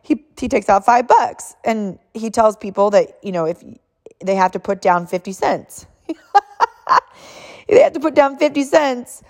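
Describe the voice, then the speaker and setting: Mom in her 30s telling a story about her kid, animated, laughs a lot, gets emotional easy. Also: fairly high pitch, a little slow. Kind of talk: heartfelt storytelling and encouragement.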